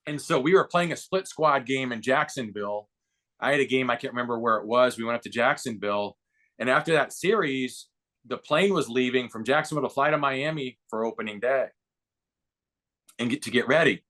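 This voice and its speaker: A man in his fifties spins a long anecdote in relaxed, conversational interview style. His voice sits at an ordinary middle pitch and swings up when the story excites him. He slips into the voices of the people he quotes. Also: brisk. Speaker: podcast guest, baseball broadcaster and former player.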